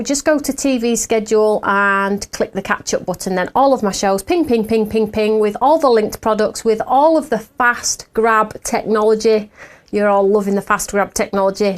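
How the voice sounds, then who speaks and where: A woman hosting a live craft shopping show, chatting casually with viewers and giggling at herself often. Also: mid-range voice.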